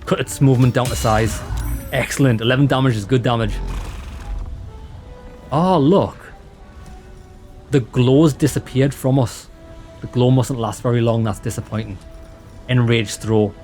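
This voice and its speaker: A man giving excited, chatty commentary on a game he is playing, talking to viewers as lads. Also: mid-range voice, a little slow, long pauses, faint music behind. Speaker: let's play host. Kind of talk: casual gameplay commentary.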